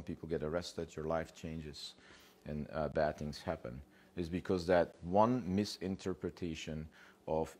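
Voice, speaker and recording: Very deep-voiced man, animated lecturer. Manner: animated, acts out dogs' thoughts in quick voices, swears casually; frequent "yeah?" and "you know" check-ins. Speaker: dog trainer.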